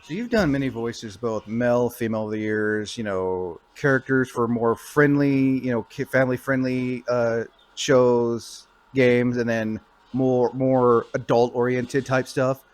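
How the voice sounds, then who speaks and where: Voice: mid-range voice, a little slow. An interviewer asking loose, rambling questions in a casual convention interview.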